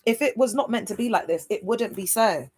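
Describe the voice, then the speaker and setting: A woman's voice: a little high, a little fast, darkish tone, breathy edge. This is a woman talking live to her viewers from home. Her chat is loose and rambling, and she keeps breaking off to address the audience directly. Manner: rambling, chatty, talks straight to viewers. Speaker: livestream host. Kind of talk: casual livestream chat to viewers.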